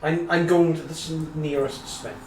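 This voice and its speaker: A blunt, joking male player with a slightly high voice. He sits away from the mic in an echoey room, with faint background noise. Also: fairly even intonation, moderate pace, far from the mic.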